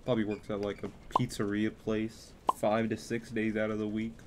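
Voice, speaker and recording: A young man giving crude, joking let's play commentary while playing a horror game, swinging between yelling and muttering. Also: lowish voice, monotone, moderate pace, heavy background noise. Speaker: gaming youtuber.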